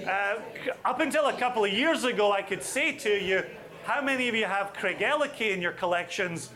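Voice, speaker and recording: A man leading a whisky tasting for a live audience, chatty and enthusiastic with quick asides. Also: high-pitched, lively intonation, bright, forceful tone.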